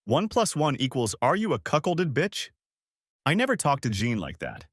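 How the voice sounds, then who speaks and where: A man's voice: medium pitch, fairly bright tone, no echo, clean studio sound. A man narrating a dramatic first-person audiobook story in a bitter, intense manner.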